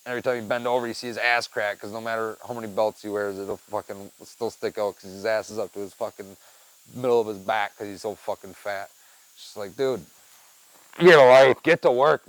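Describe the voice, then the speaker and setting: A young man chatting casually on his own, rambling and swearing, dropping to mumbles and then getting loud. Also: on the low side, poor audio. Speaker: podcast host. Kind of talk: casual solo chat.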